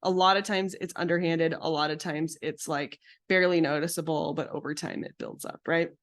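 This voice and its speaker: A woman's voice: fairly even intonation, fairly quick. Chatty woman therapist teaching live. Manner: casual, explanatory, many fillers and restarts; acts out quoted lines with sudden high pitch. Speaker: psychotherapist and betrayal coach.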